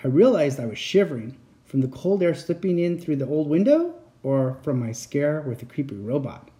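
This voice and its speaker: At a moderate pace, a man reads aloud from a spooky children's chapter book. His narration stays steady and expressive, his tone dark and mellow, his pitch lively and rising and falling.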